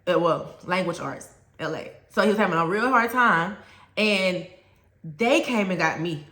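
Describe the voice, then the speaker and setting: A woman who is a former teacher talks other teachers through classroom advice in a bright, forceful voice. She tells stories from her classroom and drives each point home by repeating it. The sound is roomy, with a clear echo around her. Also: on the low side, lively intonation, unhurried. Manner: emphatic, storytelling, repeats key points. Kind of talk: conversational advice talk to teachers.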